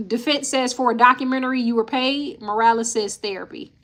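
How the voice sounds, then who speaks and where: A woman with a somewhat high, bright voice, recapping court testimony on a live stream. She reads each quote out plainly, then breaks off to sigh or talk straight to her viewers. Her tone stays casual and frank throughout. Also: moderate pace. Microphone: live-stream mic.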